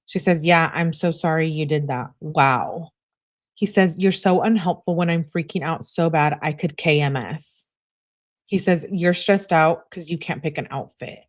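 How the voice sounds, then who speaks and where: A young woman with a low-pitched voice reads text message exchanges aloud in a true crime commentary. She drops in brief asides of her own between the quoted messages. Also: normal speed.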